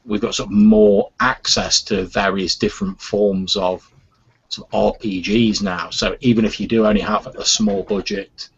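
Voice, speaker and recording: A man's voice: on the low side, lively intonation, normal speed, creaky, breathy edge. A man talking in a rambling, casual way on a podcast, full of "sort of" and fillers. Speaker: podcast host. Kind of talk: casual chat. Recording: dull lo-fi podcast audio.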